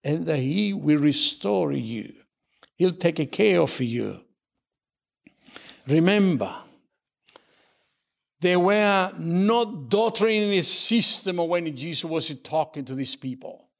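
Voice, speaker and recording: Preacher, man, slow and repetitive delivery, fairly high voice. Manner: slow, earnest, repetitive preaching with halting restarts. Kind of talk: sermon.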